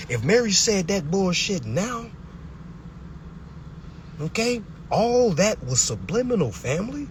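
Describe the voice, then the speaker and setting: A young man hosts a live stream with a confrontational, preachy rant full of profanity. His voice sits a little high for a man and swings widely as he presses his points. Faint vehicle noise hums behind him. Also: sing-song, a little slow.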